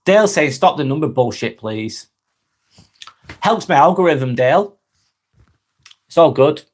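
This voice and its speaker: On a casual live stream, a man from England with a Lancashire accent of North West England answers viewer comments, chuckling often and calling everyone mate. His voice is on the high side, animated yet unhurried.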